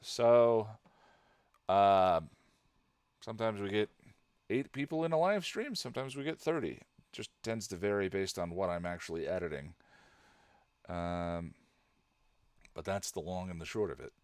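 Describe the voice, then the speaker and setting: A low-voiced man chats loosely on a live stream as he edits his review, with his pitch bouncing all over. He drifts into distracted, muttered asides to himself. The sound is dry and close, with no room around it. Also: animated, measured pace, long pauses, darkish tone, clear, resonant tone, no room sound. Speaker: channel host editing a video review. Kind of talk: casual live-stream chat while editing.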